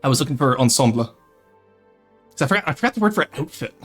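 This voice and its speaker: A man's voice: medium pitch, lively intonation, fast, a bit bright, soft background music. A young man from Ontario, chatting casually on a live stream, reading chat and switching between English and French with frequent laughs. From Ontario, Canada.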